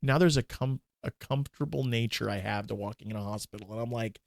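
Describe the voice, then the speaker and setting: A man in his forties, a minister and podcast guest, telling a candid, emotional personal story in a halting way with many restarts. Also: medium pitch, gravelly, no room sound, studio quality.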